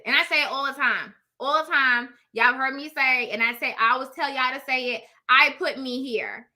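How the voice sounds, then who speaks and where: Woman, motivational coach; high, sharp voice, casual slang, blunt and emphatic. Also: normal speed, hardly any pauses. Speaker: notary signing agent coach. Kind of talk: casual motivational live chat.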